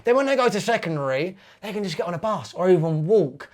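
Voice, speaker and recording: A man's voice: sits high, animated, fast talker. A man in his thirties with an East London accent, talking at length as an interview guest in a casual, heartfelt, rambling way and filling his speech with "like", "man" and "mate". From East London, England.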